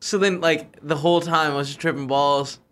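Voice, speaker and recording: A man's voice: a little high, steady tone, moderate pace, fairly bright tone. A man on a casual talk show, sheepishly telling a story that makes fun of himself. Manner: sheepish, self-deprecating. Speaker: co-host. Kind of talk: casual chat.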